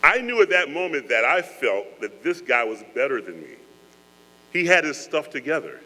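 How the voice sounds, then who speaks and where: A man's voice: medium pitch, very animated, normal speed, sharp tone. A man giving a joking, earnest speech to cadets, talking to them in a conversational way. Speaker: guest speaker. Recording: echoey hall with mains hum.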